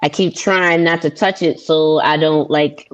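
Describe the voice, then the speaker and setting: A woman's voice: deep voice, fairly even intonation, unhurried, lo-fi sound. A woman from Baltimore, a guest poet, talking casually with lots of ums and restarts over a video call. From Baltimore, USA. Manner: hesitant, many fillers. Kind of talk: casual interview chat.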